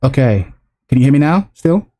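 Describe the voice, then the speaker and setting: A man on a live stream, venting in an exasperated, swearing rant. His voice sits at an ordinary middle pitch. He talks straight into his stream mic. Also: sing-song, normal speed, warm tone. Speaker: streamer host. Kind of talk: casual live-stream chat.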